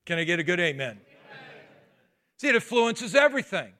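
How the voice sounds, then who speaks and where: A pastor preaching a sermon, talking in an emphatic, conversational way and throwing rhetorical questions at the congregation. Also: male voice, high-pitched, sing-song, normal speed, long pauses, pushed and bright. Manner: conversational asides and restarts.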